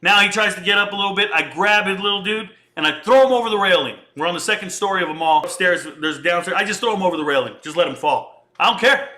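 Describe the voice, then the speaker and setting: A man in his thirties giving casual, slangy commentary and telling a story in an animated, conversational way. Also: sits high, fast, hardly any pauses.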